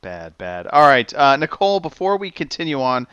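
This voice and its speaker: Animated, teasing male podcast host. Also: a little high, moderate pace, clean tone, no room sound, highs cut off. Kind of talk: casual podcast chat.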